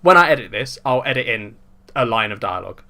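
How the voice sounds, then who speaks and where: An easygoing young man co-hosts a podcast, asking questions in casual chat. His voice sits at a middle pitch. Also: expressive, fast, pushed and bright. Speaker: podcast co-host and editor.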